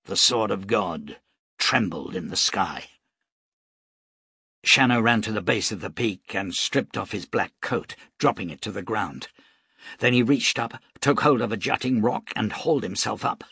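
Gravelly, low-voiced male narrator. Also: a little slow, no room sound, clean studio sound. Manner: steady, dramatic storytelling. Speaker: audiobook narrator. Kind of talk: scripted narration.

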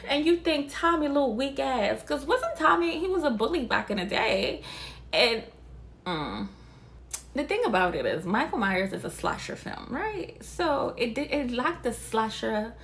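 Young woman vlogger, incredulous and expressive, fairly high voice, casual reaction chat. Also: a little hiss or hum. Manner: animated, incredulous, swears freely. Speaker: vlogger reviewing a film.

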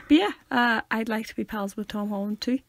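A woman's voice: a little high, no room sound. A young woman with a Northern Irish accent, co-hosting a podcast in bubbly, laughing casual chat. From Northern Ireland. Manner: bubbly, laughing, mimics voices. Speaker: podcast co-host.

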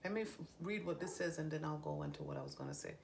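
Deep-voiced woman medium, rambling and profane, faint background hiss. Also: huge pitch swings, quick pace, creaky, darkish tone. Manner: loose and stream-of-consciousness, swears freely. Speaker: psychic medium. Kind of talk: casual spiritual channeling talk.

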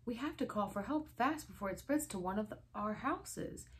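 A woman's voice: fairly high pitch, lively intonation, moderate pace, voice pushed up, natural voice. A woman voicing a sensible, practical schoolgirl in a storybook read-aloud, speaking firmly.

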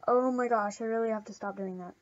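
A woman hosting a casual gameplay video. She rambles, gushes and gets excitable while thanking friends for gifts. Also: on the high side, fast talker, no echo, highs cut off. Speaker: channel host.

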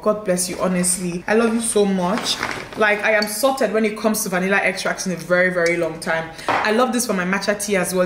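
A woman's voice: mid-range voice, echoey room, a little hiss or hum. A young woman, chatting effusively to viewers as she unboxes a haul at home. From Nigeria. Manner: effusive, exclaiming and addressing viewers as guys. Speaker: vlogger. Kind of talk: casual haul vlog.

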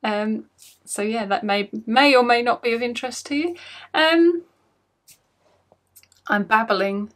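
A woman's voice: on the high side, a little slow, pauses often, fairly bright tone. A woman hosting her craft podcast at home, chatting casually to camera in a rambling, self-mocking way.

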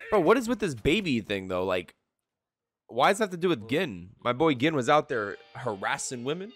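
A young man streams his reaction to an anime, cursing casually and laughing often. His pitch sits mid-range but swings widely as he gets worked up, all spoken close to a desk microphone. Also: normal speed, faint music behind. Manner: animated, profane, laughs often. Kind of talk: live reaction commentary.

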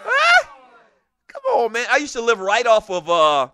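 Bright-voiced, animated sports talk host. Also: male voice, high voice, fairly quick, clear, resonant tone, no echo. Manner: animated, laughs often, reads listener messages aloud. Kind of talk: casual sports talk radio chat.

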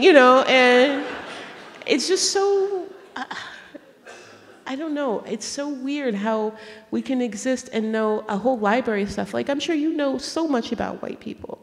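A woman author in a stage conversation, telling stories in an animated way, laughing and acting out the people she quotes. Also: sits high, a little slow. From United States. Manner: animated, laughing storyteller who acts out quotes. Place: auditorium stage. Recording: long hall reverb from a public event.

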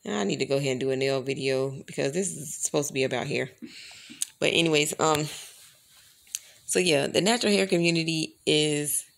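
A woman's voice: sits low, a little fast, creaky, fairly bright tone. A woman vlogger chatting casually to her camera, rambling and calling her viewers y'all.

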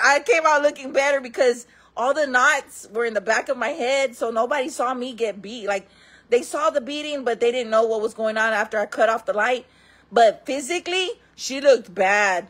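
A woman's voice: fairly high pitch, fairly bright tone. A woman telling her own stories to camera in casual, candid talk, often calling her viewers friends. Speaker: storyteller host.

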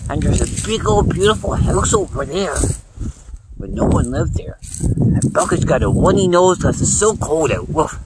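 A man's voice: on the high side, lively intonation, moderate pace, heavy background noise. A man vlogging outdoors in the cold countryside, barking "woof" between sentences and talking about himself in the third person. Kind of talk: casual vlog narration. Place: outdoors in cold rural woods, later in a car.

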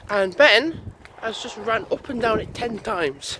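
Rambling man, slow and high. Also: animated, pushed and bright. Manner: rambling, thinking aloud. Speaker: vlogger. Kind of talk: casual walking vlog chat. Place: outdoors on a lane by a busy road. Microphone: handheld camera while walking. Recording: wind and traffic noise outdoors.

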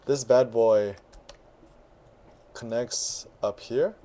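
A man vlogging about his camera gear in a relaxed, rambling way, full of ums and restarts. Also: medium pitch, extremely slow, a little hiss or hum. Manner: relaxed, many ums and restarts, chatty storytelling. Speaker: photography vlogger. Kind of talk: casual rambling vlog.

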